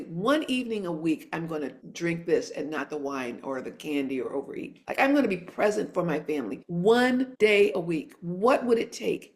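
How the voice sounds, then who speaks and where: A woman's voice: medium pitch, creaky. A middle-aged woman hosting a podcast, telling a personal story in an earnest, emphatic way and repeating key phrases. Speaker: podcast host and coach for lawyers.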